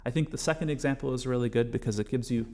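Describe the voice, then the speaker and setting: A man teaching a bodhrán class, patiently explaining strokes step by step and calling them out loudly as he plays. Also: medium pitch, racing. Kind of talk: music lesson, counting along with drumming.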